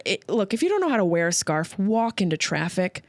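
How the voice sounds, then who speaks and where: A woman from Upstate New York hosting a solo comedy podcast, riffing with sarcastic, animated asides. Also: medium pitch, a little fast, no room sound. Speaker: podcast host.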